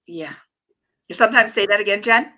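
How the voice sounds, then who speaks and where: A woman's voice: medium pitch, brisk, sharp tone, low-quality recording. A woman hosting a casual podcast conversation, reflective, reading out listener comments and asking questions. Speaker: podcast host.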